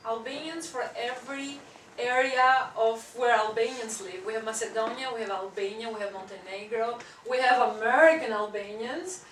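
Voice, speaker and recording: A woman interviewing a cast after a show, effusive and quick to laugh. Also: a little high. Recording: roomy, from far off, light noise.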